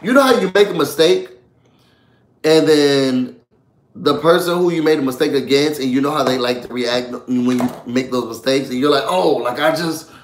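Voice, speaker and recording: A man casually recapping a reality show for his viewers, animated and chatty, often calling out to them. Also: medium pitch, normal speed, echoey room. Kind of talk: casual live recap chat.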